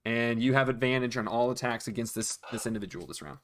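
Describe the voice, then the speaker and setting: A man's voice: mid-range voice, fast talker. Casual man running a tabletop game. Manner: relaxed, frequent ums and restarts. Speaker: dungeon master.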